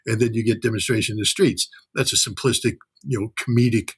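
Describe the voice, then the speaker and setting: A man's voice: lowish voice, steady tone, fairly quick, slightly rough. An American man giving heated political commentary, blunt and profane, mimicking the voices of others to make his point. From United States. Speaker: commentator guest.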